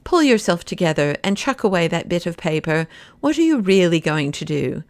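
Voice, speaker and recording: A woman's voice: lowish voice, sing-song, moderate pace, a little mellow, no echo. A woman reading the part of an exasperated male doctor in spectacles who speaks bluntly and impatiently.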